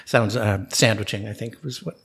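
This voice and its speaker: A man's voice: fairly low pitch, moderate pace, vocal fry, fairly bright tone, reverberant. A man co-hosting a casual podcast chat, easygoing and thoughtful. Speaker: podcast co-host and editor.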